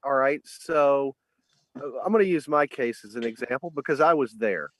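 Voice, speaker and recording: A man's voice: mid-range voice, lively intonation, normal speed, fairly bright tone, dry recording. A man asking earnest, probing questions in a conversational interview.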